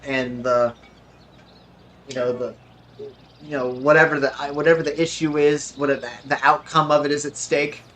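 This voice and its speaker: A man's voice: a little high, a bit bright, a little hiss or hum. A man hosting a game stream, chatting casually and thinking aloud with many fillers. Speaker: streamer host. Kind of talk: casual chat while playing.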